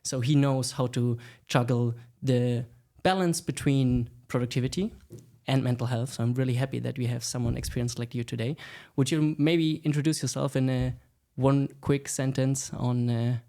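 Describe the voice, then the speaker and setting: A man's voice: medium pitch, fairly even intonation, moderate pace, dark tone. A man hosting a podcast interview, friendly and upbeat, with frequent "uh" fillers. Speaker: podcast host.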